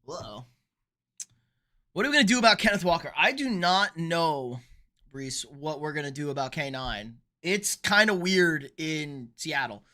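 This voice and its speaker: Blunt, bright-voiced young man. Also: on the high side, animated, a little slow. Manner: blunt, swears, reads chat aloud. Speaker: sports livestream host. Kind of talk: casual livestream commentary.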